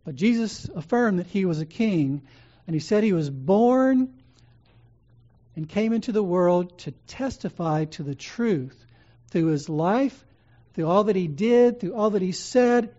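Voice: medium pitch, animated, measured pace, mellow. A preacher delivering an earnest sermon, repeating key phrases with emphatic build-ups, in a slightly dull recording.

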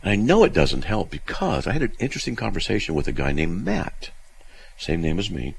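Deep gravelly male radio host. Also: a little fast, rough recording. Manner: animated storytelling with restarts, lively and amused. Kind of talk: casual call-in radio talk.

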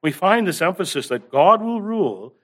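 A man's voice: high-pitched, big pitch swings, fairly bright tone. A man preaching a sermon, teaching earnestly and building emphasis on key phrases by stretching them out. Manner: earnest, builds emphasis with rising stress and drawn-out words.

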